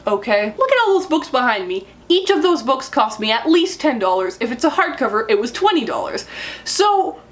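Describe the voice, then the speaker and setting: A young woman book vlogger talking casually to camera in an excitable, chatty way, in a room full of books. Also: sits high.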